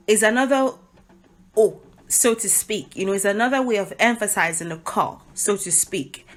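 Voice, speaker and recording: A woman's voice: fairly high pitch, lively intonation, slow, a bit bright. A woman giving a casual spoken language lesson, explaining informally and laughing at her own slips. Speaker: language teacher.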